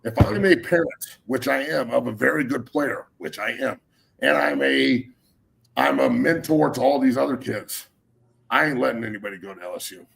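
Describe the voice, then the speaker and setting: A man's voice: mid-range voice, moderate pace, creaky, fairly bright tone. A middle-aged man hosting a sports talk show, ranting in a heated, profane way and getting fired up. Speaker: podcast host.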